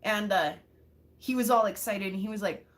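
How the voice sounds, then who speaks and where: Speaking at a normal speed with a medium-pitched voice, this Montana woman runs a rockhound channel and chats casually with viewers. She's talkative, laughs often and keeps saying "like" and "seriously."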